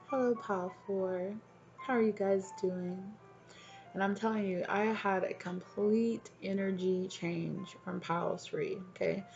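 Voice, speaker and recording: Speaking straight to her viewers, a woman gives a tarot reading in a steady, gravelly voice she keeps deliberately low, soft and soothing. She is affectionate and often asks how they're doing. The sound is lo-fi, with faint music behind her.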